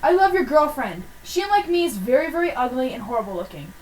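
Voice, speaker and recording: Casting: a woman putting on a goofy storybook boy, high and squealing, swinging all over, heard from a distance. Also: big pitch swings, fast, a little mellow. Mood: manic. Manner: squealing, over-the-top exclamations. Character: goofy, excitable boy writing silly letters. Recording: distant mic.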